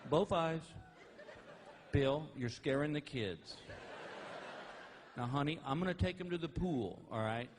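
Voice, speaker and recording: A man's voice: on the high side, a little slow, long pauses, voice pushed down, natural voice. A man voicing his exasperated middle-aged wife, ordering her husband around firmly and coaxingly, as if he were a child. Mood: scolding. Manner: firm, coaxing, talking down as to a child. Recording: live stand-up recording with a noisy crowd.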